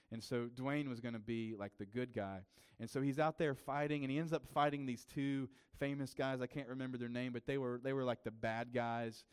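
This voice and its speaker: A man's voice: mid-range voice, clean tone. A young adult man preaching a sermon as a pastor in a casual, conversational way, with many fillers.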